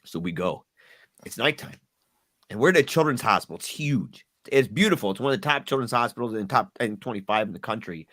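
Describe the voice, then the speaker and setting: A middle-aged man telling a painful personal story as a podcast guest, earnest and halting, often repeating words as he goes. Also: on the low side, expressive, fairly bright tone.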